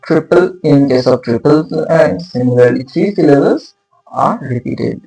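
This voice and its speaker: Slow, halting male lecturer with gravelly voice. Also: mid-range voice, animated, warm tone. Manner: slow, halting, many fillers and restarts. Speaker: literature teacher. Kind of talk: unscripted lecture. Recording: echoey room, distant mic, faint music.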